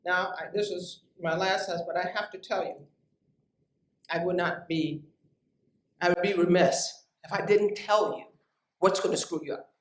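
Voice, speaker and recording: A woman scientist giving a direct, emphatic motivational lecture to young researchers. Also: on the low side. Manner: emphatic, direct, lively with asides. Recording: echoey room, distant mic.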